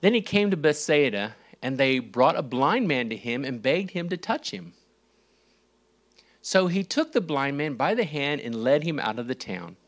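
Very animated and speaking at normal speed, a man preaches a sermon, reading verses of scripture and posing rhetorical questions. His pitch and volume swing widely and dramatically.

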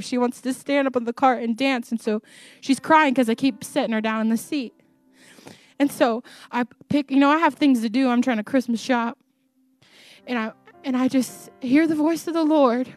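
A woman giving a sermon and prayer, speaking slowly and softly and repeating her phrases. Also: sits high, no echo. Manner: slow, soft prayerful delivery with repeated phrases.

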